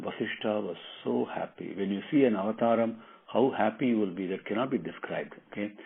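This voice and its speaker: Man, devotional storyteller, husky voice, tinny phone-like recording. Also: medium pitch. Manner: earnest, digressive with fillers.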